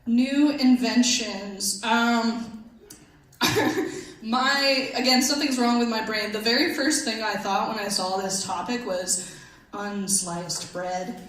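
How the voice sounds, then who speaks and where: A woman's voice: fairly high pitch, slow. Woman doing stand-up in an echoey club. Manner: deadpan, self-deprecating, chatty with the crowd. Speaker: stand-up comedian. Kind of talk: stand-up comedy set. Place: comedy club stage. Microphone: handheld stage mic. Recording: echoey club room, faint hum.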